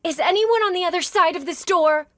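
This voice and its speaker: A woman's voice: high voice, big pitch swings, moderate pace, darkish tone, no room sound, pitched above the performer's own voice. A woman voicing a composed, bold senior ballerina who asks firm questions in a storybook read-aloud.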